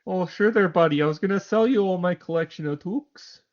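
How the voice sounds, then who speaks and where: A man voicing a forlorn, hockey-loving Canadian man with an exaggerated Canadian accent and a drawn-out, sing-song whine. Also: high-pitched, darkish tone, voice pushed up, lightly acted. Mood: mock despair. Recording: dull lo-fi recording.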